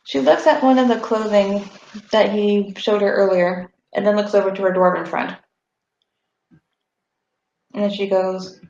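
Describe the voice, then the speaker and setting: A woman's voice: medium pitch, steady tone, unhurried, vocal fry, long pauses, darkish tone. A woman playing a tabletop game, plainly describing what her character does. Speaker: player. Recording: echoey room, muffled mic.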